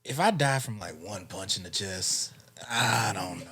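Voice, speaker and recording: A young man, a podcast guest, in loose casual chat. He jokes constantly, and his pitch swings up and down a lot as he talks. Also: expressive, unhurried. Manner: joking, loud bursts of laughter.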